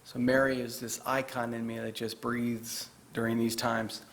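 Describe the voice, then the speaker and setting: A man's voice: medium pitch, flat delivery, normal speed, a bit bright. A man giving a chatty, joking talk as a guest author to a live audience in a parish hall. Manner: chatty, joking, with fillers and restarts.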